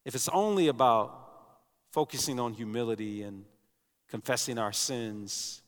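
A man's voice: mid-range voice, measured pace. A man preaching a sermon as pastor, earnest and building to emphatic declarations, speaking in a large church sanctuary. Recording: reverberant church hall.

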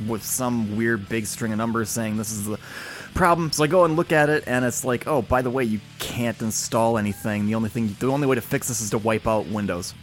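A man's voice: medium pitch, brisk, faint music behind. A man co-hosting a casual podcast, telling a rambling self-deprecating story. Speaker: podcast co-host. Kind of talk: casual chat.

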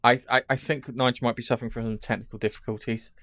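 A man's voice: mid-range voice, little pitch movement, fast, fairly bright tone, dry recording. Joking, rambling male podcast host. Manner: jokey, rambling, swears casually. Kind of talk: casual chat.

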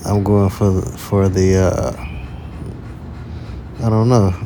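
Chill guy podcaster, low voice, talks real slow and easy, faint noise in the back. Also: level tone. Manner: slow, laid-back, slangy. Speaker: podcast co-host. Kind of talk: casual travel podcast chat.

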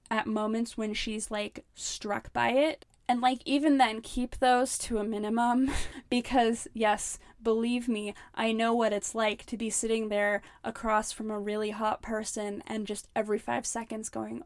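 A young woman rants on her book-critique podcast, sarcastic and exasperated, padding her talk with "like" and the odd curse. Her voice sits a little high. She sounds close and dry on the mic, with no room around her. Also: no echo. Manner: sarcastic, ranting, many "like" fillers, swears. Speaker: podcast host. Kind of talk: casual comedic book critique.

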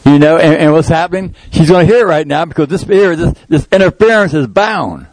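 A man's voice: on the high side, animated, brisk, a little mellow, dry recording, poor audio. A middle-aged male pastor preaching a sermon in a conversational way that rises into emphatic prayer. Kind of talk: sermon with live demonstration.

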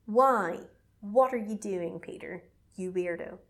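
Woman chatting, animated storyteller, recapping a movie plot with a mate. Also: medium pitch, slow pace. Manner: animated storyteller, swearing and bursting into mock voices. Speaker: podcast co-host. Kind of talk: casual chat retelling a film plot.

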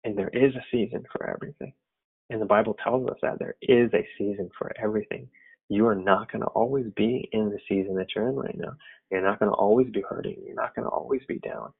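A fairly low, husky man with a gravelly edge speaks in an earnest, reflective way. He shares a personal faith story loosely, with plenty of fillers. The sound is thin and tinny, as if over a phone line. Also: fairly even intonation, fast talker.

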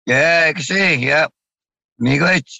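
Bright-voiced man speaking haltingly. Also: on the high side, vocal fry, no room sound, dull audio. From Saskatchewan, Canada. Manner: halting, with many restarts and fillers. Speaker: guest. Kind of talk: casual interview talk.

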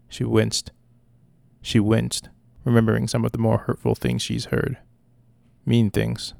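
A man narrating a dark short story in a flat, steady way. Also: on the low side, unhurried, creaky, no room sound. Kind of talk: story reading.

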